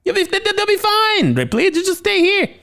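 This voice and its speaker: A man voicing a fussy, evasive male science officer with a very high-pitched voice, brushing off every worry. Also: huge pitch swings, normal speed, vocal fry, sharp tone, full character voice. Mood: dismissive. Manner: shrill, breezy, brushing off worries.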